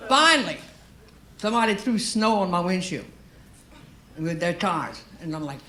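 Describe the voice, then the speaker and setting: A woman's voice: on the low side, lively intonation, normal speed, long pauses, bright, forceful tone. A woman from Louisiana with a Cajun Southern accent, telling a brash, profane stand-up story on stage. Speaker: stand-up comedian. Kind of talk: stand-up comedy set. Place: comedy stage with live audience. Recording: roomy live venue with faint ambience.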